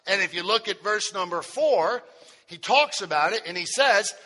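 Guy preaching slow and emphatic, high bright voice, big echoey church sound. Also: animated. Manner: slow, emphatic delivery with drawn-out phrases. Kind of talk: sermon. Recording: long hall reverb.

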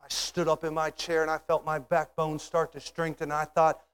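High-voiced impassioned man preaching. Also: monotone, moderate pace, clear, resonant tone. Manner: impassioned, building to shouts; storytelling, asks the listeners to imagine. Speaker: pastor. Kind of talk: sermon.

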